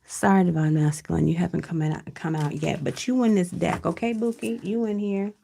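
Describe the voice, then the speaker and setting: A woman's voice: on the low side, fairly even intonation, brisk, creaky, warm tone. A woman giving a casual live tarot reading from home over her computer, chatty, checking in with viewers and cussing now and then. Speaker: tarot card reader. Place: at home with her child nearby.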